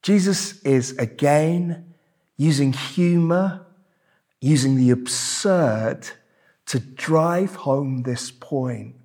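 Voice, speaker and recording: A man's voice: a little high, extremely slow, darkish tone. A man preaching a sermon in church, emphatic and repeating key words for weight. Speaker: pastor.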